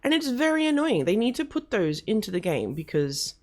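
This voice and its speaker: A woman's voice: on the high side, big pitch swings, fairly quick. A woman giving chatty, casual commentary while touring a house she built in a video game. She laughs easily and often corrects herself mid-sentence. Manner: chatty, giggly, self-correcting. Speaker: video game creator showing a house build.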